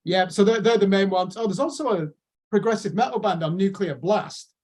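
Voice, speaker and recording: Chatty northern English man, slightly high. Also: brisk, a little mellow. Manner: chatty, amused. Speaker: co-host. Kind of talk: casual chat, listing releases.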